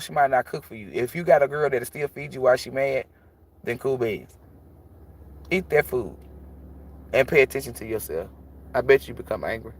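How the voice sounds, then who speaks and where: A man's voice: medium pitch, a little hiss or hum. A man who reads tarot, talking bluntly and casually on a livestream and preaching about energy with plenty of swearing. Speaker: tarot reader.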